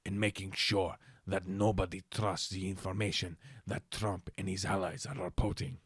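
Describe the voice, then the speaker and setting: A man putting on a mock Latino-accented male spokesman, reading a statement in a lower, quieter, deliberate voice. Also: little pitch movement, breathy edge, dry recording, clean studio sound.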